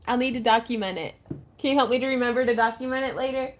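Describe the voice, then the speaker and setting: Talking at a quick pace in a slightly high voice, a chatty woman hosts a casual craft livestream from her front porch, chatting as she works, with slight background noise. She reads viewers' comments aloud to greet them and laughs often, her voice close on the mic.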